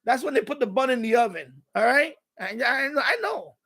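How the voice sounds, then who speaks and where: A man's voice: very high voice, expressive, moderate pace, sharp tone. A man hosting a live stream, ranting in casual commentary with rambling, repetitive, streetwise talk, acting out quoted exchanges.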